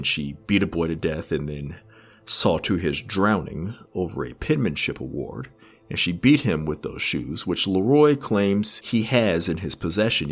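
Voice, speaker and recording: A man giving an analytical commentary in a measured, thoughtful way, with small restarts as he searches for words. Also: low voice. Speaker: video essayist.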